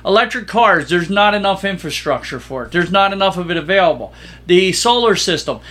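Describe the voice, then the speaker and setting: A podcast co-host with a high voice talks a little fast in easygoing conversation. His storytelling is animated, and he voices the people in his anecdotes.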